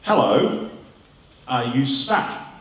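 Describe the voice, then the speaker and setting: A man's voice: mid-range voice, very animated, very slow, a bit bright, exaggerated voice. An older man voicing an indignant male rabbit from a storybook, pointed and reproachful. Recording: roomy hall, distant mic.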